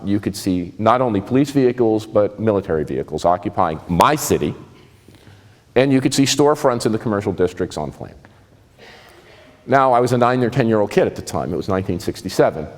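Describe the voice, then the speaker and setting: A man in his sixties from New Jersey with a New Jersey accent, telling personal stories in a lively, conversational and self-mocking way. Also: on the low side, long reverb tail. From New Jersey, USA. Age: 60s. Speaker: speaker giving a talk. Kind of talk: personal storytelling talk.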